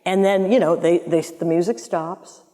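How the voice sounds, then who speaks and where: A woman's voice: fairly low pitch, normal speed. A woman in her sixties, a former album art director, telling stories in an interview and acting out the voices of people in them. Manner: animated storyteller who acts out voices in her anecdotes. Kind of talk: conversational interview storytelling. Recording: long hall reverb.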